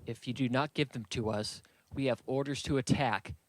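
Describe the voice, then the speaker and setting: A man's voice: medium pitch, steady tone, normal speed, no echo, natural voice. A man voicing a stern male samurai who speaks in a firm, commanding way. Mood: threatening.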